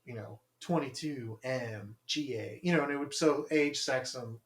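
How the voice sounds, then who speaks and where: In a casual podcast chat, a young male co-host with a mid-range voice and measured pace tells meandering stories full of "like," acting out what people said. There's a roomy echo on the recording.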